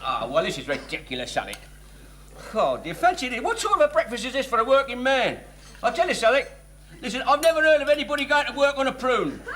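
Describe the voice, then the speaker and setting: An actor playing a cheeky, exasperated working-class bus driver, in a 1970s TV sitcom with audience laughter. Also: male voice, very high voice, sing-song, quick pace, pushed and bright, a little hiss or hum, heavily acted. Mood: grumbling. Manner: wheedling, exasperated, stammering.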